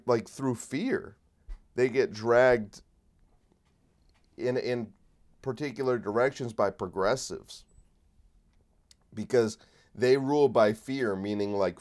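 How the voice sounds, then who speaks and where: A man hosting a solo comedy podcast while sick, rambling and swearing in a sardonic rant. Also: medium pitch. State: sick with a cold. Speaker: podcast host.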